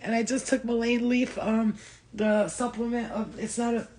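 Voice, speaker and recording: A woman's voice: fairly high pitch, little pitch movement, normal speed, background noise. A woman hosting a psychic live stream from home, rambling and blunt with frequent swearing, her throat dry. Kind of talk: casual live-stream reading.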